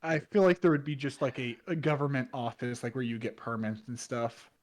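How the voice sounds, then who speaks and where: A man's voice: mid-range voice, steady tone, fairly quick. A man playing a tabletop game, chatting in an eager way. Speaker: player.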